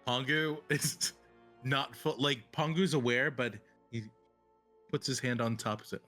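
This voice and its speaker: Slow-talking man playing a tabletop game. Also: medium pitch, sharp tone, faint music behind. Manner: slow and deliberate. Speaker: player. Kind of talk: casual tabletop play.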